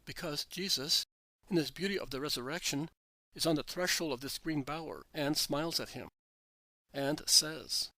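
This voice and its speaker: A man reading religious narration in an even, measured way. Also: on the high side, no room sound, poor audio. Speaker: reader.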